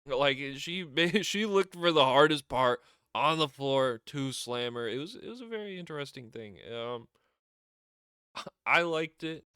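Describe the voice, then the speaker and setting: A man casually recapping a wrestling show on his own, excitable and rambling, with lots of fillers, restarts and laughter. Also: a little high, measured pace, clean tone, no room sound, studio quality.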